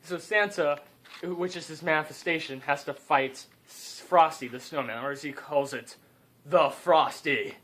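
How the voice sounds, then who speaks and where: A man's voice: fairly high pitch, unhurried, fairly bright tone. A young man improvising a comedic story, rambling and cutting in with joking asides.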